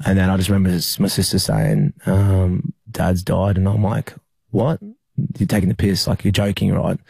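A young Australian man, a rugby league player, recalling a hard time in an interview, halting with many fillers and restarts. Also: low voice, flat delivery, creaky, a little mellow, breathy edge, no room sound, clean studio sound. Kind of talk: emotional interview recollection.

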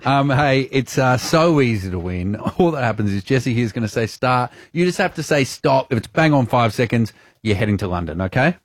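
A man with an Australian accent hosting a radio game segment, teasing callers in playful, quick banter. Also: medium pitch, expressive, no room sound, studio quality. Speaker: radio host.

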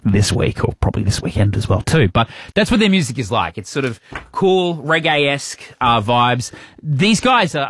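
A man hosts radio in a chatty, joking way. His pitch leaps around with plenty of life, and the studio sound is close and dry. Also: no room sound. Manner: chatty, animated, jokey. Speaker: radio host. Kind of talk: casual radio chat.

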